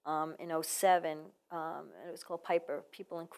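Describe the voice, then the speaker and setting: A woman's voice: low voice, fairly even intonation, a little fast, a little mellow, clean tone. A woman author telling her personal story in an earnest, reflective way during an interview. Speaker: author guest. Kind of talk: casual interview.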